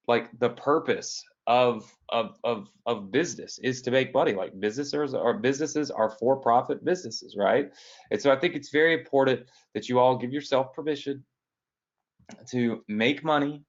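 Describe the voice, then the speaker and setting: A man with a sick, hoarse voice hosts a live online business training from a hotel room. He talks to viewers in a chatty, upbeat way and asks them to answer yes. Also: medium pitch, moderate pace, dull audio. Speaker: online business coach hosting a weekly training. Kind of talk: live webinar talk.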